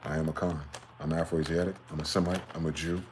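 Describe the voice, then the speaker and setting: A man talking in a rambling, profane late-night monologue, swinging from loud outbursts to low muttering. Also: flat delivery, quick pace, echoey room, background noise. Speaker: vlogger.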